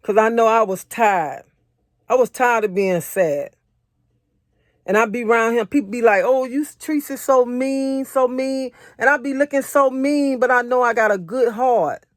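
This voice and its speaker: A woman's voice: fairly high pitch, moderate pace, dry recording. Woman, faith encouragement, repetitive preaching, casual testimony, dry close sound. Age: adult, married. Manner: repetitive, earnest, conversational preaching; personal testimony in casual vernacular. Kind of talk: motivational faith talk.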